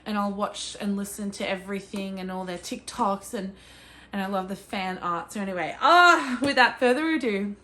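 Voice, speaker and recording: An Australian woman talking in a casual chat about books she loves, gushing and excitable, and she swears freely. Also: mid-range voice, moderate pace, a little hiss or hum. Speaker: book vlogger. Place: at home with her cat.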